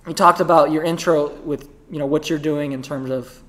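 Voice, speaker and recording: A young man hosting a podcast, telling a story in a casual, animated way, full of "right?" and "like". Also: fairly high pitch. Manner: animated, fast-talking, lots of "right?" and "like". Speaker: podcast host.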